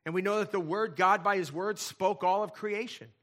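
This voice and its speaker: Bright-voiced preaching pastor. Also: male voice, sits high, fairly even intonation, normal speed. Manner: emphatic preaching with repetition and rhetorical questions. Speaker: lead pastor. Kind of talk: sermon. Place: church.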